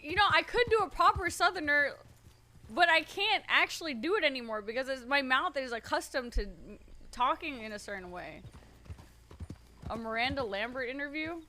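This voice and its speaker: A young woman with a slight twang and a bright, sharp voice, chatting casually as a streamer. She swears freely and picks at her own delivery. Her voice sits a bit high, with a faint hiss in the background. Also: normal speed. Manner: swears a lot, frustrated, self-critical. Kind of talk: casual chat, trying out a character voice.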